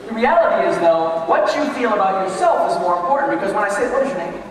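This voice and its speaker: A man's voice: high-pitched, fast talker, a little hiss or hum. A man giving an emphatic live motivational talk in a large hall. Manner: animated, emphatic storytelling. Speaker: motivational speaker. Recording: echoey hall, distant mic.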